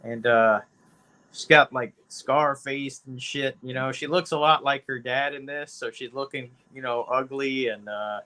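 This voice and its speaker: A podcast co-host with a bright, forceful, mid-range voice and fairly even intonation reviews a movie. He's unhurried and laid-back, meandering along with lots of "you know" and easygoing profanity.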